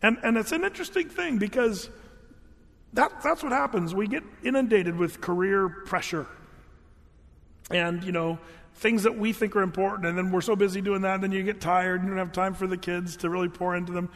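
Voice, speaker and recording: Earnest high-voiced preacher in a hall. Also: male voice, fairly quick, fairly bright tone. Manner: earnest, conversational, with frequent restarts. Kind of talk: sermon. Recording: long hall reverb.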